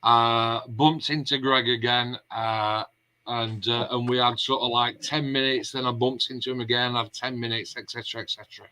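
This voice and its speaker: Bright-voiced man telling rambling anecdotes. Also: mid-range voice, steady tone, moderate pace, poor audio. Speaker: vlog host. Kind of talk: casual chat.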